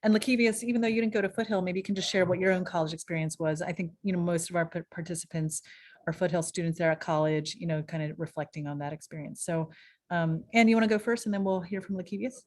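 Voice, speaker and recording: A woman's voice: fairly low pitch, quick pace, a little mellow. Woman panel moderator on a video call, friendly, organizing. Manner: friendly, organizing, frequent fillers.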